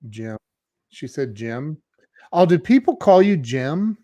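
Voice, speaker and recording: A man's voice: fairly high pitch, big pitch swings, takes it slowly, mellow, no echo. A man hosting a podcast, chatting casually with enthusiastic reactions. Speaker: podcast host. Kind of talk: casual conversation.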